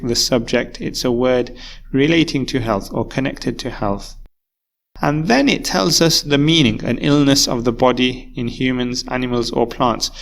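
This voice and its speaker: A man's voice: medium pitch, creaky. A man teaching a recorded English vocabulary lesson, explaining patiently and repeating key words. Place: university course video.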